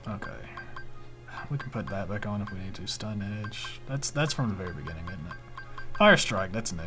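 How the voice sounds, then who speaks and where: A man's voice: on the low side, animated, a little fast, pushed and bright, soft background music. Easygoing man thinking aloud over a game. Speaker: co-host playing the game. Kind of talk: casual gameplay chat.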